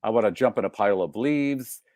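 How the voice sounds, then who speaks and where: A man's voice: lowish voice, a little fast, a little mellow, no room sound. Wisecracking male host, dry studio sound. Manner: wisecracking, reads off listener check-ins. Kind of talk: casual live show banter.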